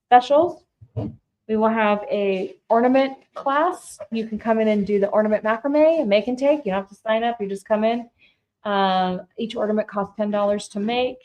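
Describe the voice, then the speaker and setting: A woman's voice: mid-range voice, moderate pace, a little mellow, muffled recording. A woman who owns a shop, hosting a live do-it-yourself painting demonstration in a chatty, upbeat way, talking straight to her viewers and calling them by name. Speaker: shop owner hosting a live DIY demo. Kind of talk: casual live crafting demonstration.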